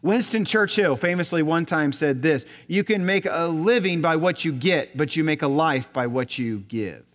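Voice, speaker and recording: A male pastor preaching a sermon, telling a story and asking rhetorical questions, often dropping to a soft voice. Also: a little high, moderate pace, hardly any pauses. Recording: long hall reverb.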